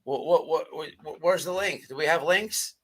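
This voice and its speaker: Guy hosting a live stream, high bright voice, blunt and cussing, trips over his words. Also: normal speed. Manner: blunt, profane, stumbling restarts. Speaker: livestream host.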